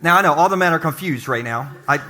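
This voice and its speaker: A man's voice: on the high side, expressive, fast talker, pushed and bright. A middle-aged male pastor giving a humorous, conversational sermon to his congregation in a church. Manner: joking, conversational, talks to the congregation.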